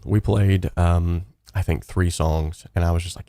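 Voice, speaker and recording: A man's voice: deep voice, measured pace, few pauses, dark tone, clean tone, no room sound, clean studio sound. A young man hosting a casual live stream, telling stories in a rambling way with many fillers and restarts. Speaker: host. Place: home studio.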